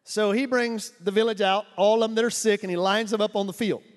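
A man preaching a sermon as a missionary, telling stories in an animated way, laughing often and mimicking sounds. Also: high voice, a little fast. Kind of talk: storytelling sermon. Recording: echoey hall with long reverb.

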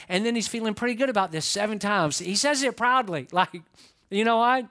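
A man preaching a sermon as pastor, animated, acting out the voices of his listeners and of Bible figures. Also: high-pitched, fairly quick.

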